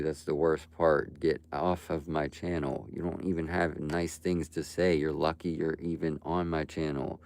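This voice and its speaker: A young man livestreams to his chat in a smooth, rumbling low voice with a darkish tone. He rants bluntly and profanely, peppering his speech with "bro" and "like."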